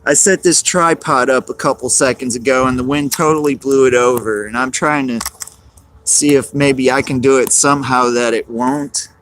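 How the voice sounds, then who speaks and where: A man's voice: medium pitch, steady tone, normal speed, a bit bright. A man, live-streaming outdoors on a cold, windy day, rambling and greeting chat viewers by name.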